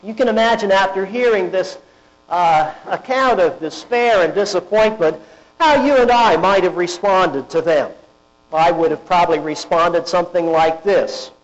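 A man preaches in a high voice, deliberate and emphatic, leaning on rhetorical questions. The recording is dull and lo-fi. A mains hum runs underneath. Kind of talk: sermon.

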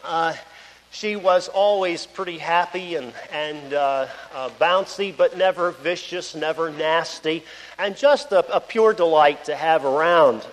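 Male preacher, conversational sermon with anecdotes, high pitch, big-hall reverb. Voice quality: conversational, digressive, storytelling.

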